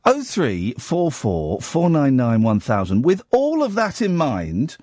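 A man's voice: medium pitch, huge pitch swings, slow pace, a little mellow, dry recording, clean studio sound. A man hosting a late-night radio phone-in, wry and teasing. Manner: wry, teasing, self-mocking. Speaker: radio host. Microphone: studio mic.

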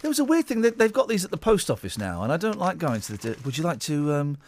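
A man hosting a radio talk show from a studio mic, rambling and teasing in an animated way. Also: high voice, fast. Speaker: radio host.

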